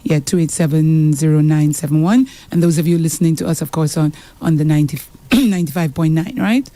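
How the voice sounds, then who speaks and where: Woman, radio co-host, warm relaxed tone, many murmured agreements. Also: low-pitched, a little fast. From Saint Lucia. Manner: steady with frequent murmured agreement. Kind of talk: casual radio talk. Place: radio studio.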